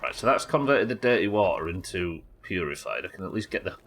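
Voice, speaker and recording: A young British man streams a game with a low-pitched, expressive, somewhat bright voice and a brisk delivery. He chats loosely, swearing and reacting out loud during play.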